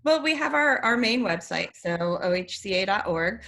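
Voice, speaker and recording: A woman's voice: mid-range voice, lively intonation, normal speed, creaky, fairly bright tone. A middle-aged woman answering interview questions in an earnest, detailed way, with many fillers and restarts. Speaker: regulatory director, interview guest.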